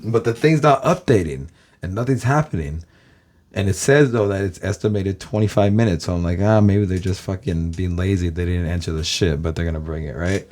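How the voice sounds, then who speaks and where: A man's voice: low-pitched, brisk, a little mellow. A man from Los Angeles with a Californian American accent, rambling to his viewers in a casual, profane monologue full of "guys". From Los Angeles, USA. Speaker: vlogger.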